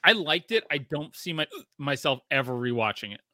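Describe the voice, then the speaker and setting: Here the garage podcast co-host sounds animated and a little fast, his slightly high voice pushed and bright with no echo. He rambles casually, swearing as he trails off and restarts.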